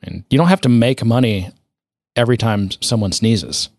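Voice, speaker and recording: A man's voice: medium pitch, fairly quick, a little mellow, dry recording, studio quality. A man co-hosting a casual tech podcast, rambling and sardonic, with many fillers and restarts. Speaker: podcast co-host.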